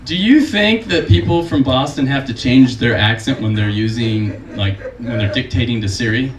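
This forties-aged stand-up comedian delivers his club set dryly and at a moderate pace, poking fun at himself and adopting high-pitched voices for quoted characters. A distant mic captures the roomy space and the audible crowd.

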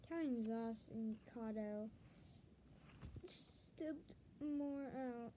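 A woman narrating her own story with earnest drama. She reads slowly, in a warm, mellow voice pitched a bit high, and a faint hiss runs underneath. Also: steady tone, low-quality recording.

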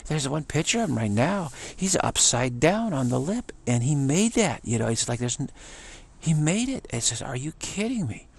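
Gravelly-voiced man rambling casually. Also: fairly high pitch, moderate pace. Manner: loose and repetitive, restarts words, animated when excited.

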